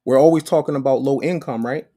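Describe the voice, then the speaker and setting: A man's voice: medium pitch, quick pace, dark tone. A young man hosting a live call-in show, insistent and repeating himself to press his point. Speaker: host.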